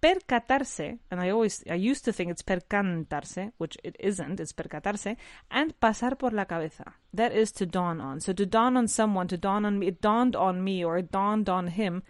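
A woman hosting an English lesson podcast, her voice nasal from allergies, chatty and quick to correct herself. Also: medium pitch, no echo, studio quality. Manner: chatty, self-correcting, lively. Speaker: English teacher, podcast host. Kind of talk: casual language lesson.

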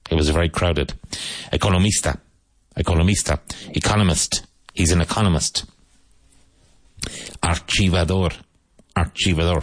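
A man hosting a radio-style English lesson, repeating words slowly and pointing out which syllable takes the stress. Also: low voice, dry recording. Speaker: English teacher.

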